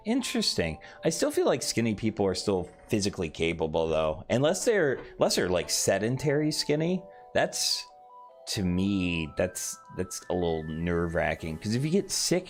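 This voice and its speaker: Lively low-voiced male streamer. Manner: animated, reads chat aloud and swears casually. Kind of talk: casual late-night chat stream. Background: faint background music.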